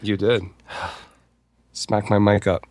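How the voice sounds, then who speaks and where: A man's voice: fairly low pitch, flat delivery, slow, a little mellow, no room sound. A man co-hosting a podcast, chatting casually with wry remarks and frequent laughter. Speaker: podcast co-host. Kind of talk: casual chat.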